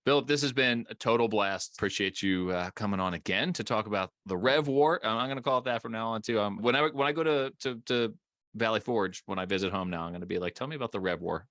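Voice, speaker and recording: A man's voice: lowish voice, fast talker, fairly bright tone, no room sound, clean studio sound. A man hosting a podcast in casual chat, joking and laughing easily, recorded outdoors at a park. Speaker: podcast host.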